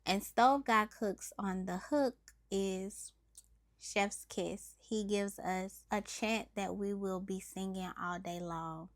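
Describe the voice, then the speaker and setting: A woman talks through a scripted lyric breakdown as the host, explaining rhythm and rhyme step by step. Her delivery is methodical and measured, pausing to define terms. The recording is dry, with no room sound. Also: medium pitch, fairly bright tone, no room sound. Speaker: host of a music analysis show.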